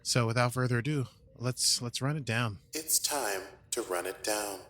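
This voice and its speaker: A man's voice: medium pitch, moderate pace, a bit bright. Playful British man co-hosting a podcast. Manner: playful, rambling recap with filler words. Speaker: podcast co-host. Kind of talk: casual chat.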